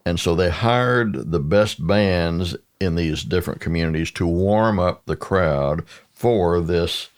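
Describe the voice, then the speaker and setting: A man's voice: low voice, takes it slowly, hardly any pauses, clear, resonant tone. An older man, a podcast guest, telling stories in a rambling conversational way with many restarts. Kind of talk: conversational storytelling. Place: radio studio.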